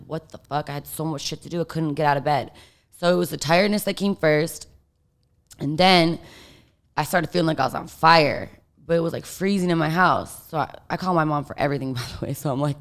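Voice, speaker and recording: A woman's voice: low-pitched, creaky. A woman guest telling a story in casual chat, rambling with lots of fillers and swearing.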